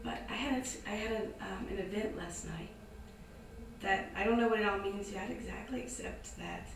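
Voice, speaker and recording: A woman's voice: medium pitch, moderate pace. A woman from the American South telling a story casually to a live audience, acting out the voices of the people in it. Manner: animated, acts out voices in her story. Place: indoor event space. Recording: echoey room, distant mic, some noise.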